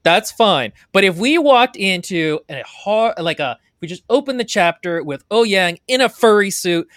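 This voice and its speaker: A woman co-hosting a book club podcast, talking casually in a blunt, wry manner with quick jokes. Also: medium pitch, animated, no room sound, studio quality.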